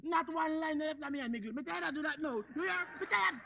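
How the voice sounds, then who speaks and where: An actor, playing a frustrated, hot-tempered old husband in a stage comedy. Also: male voice, extremely high pitch, fast talker, creaky, noisy background. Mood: pleading. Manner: wheedling, then blustering.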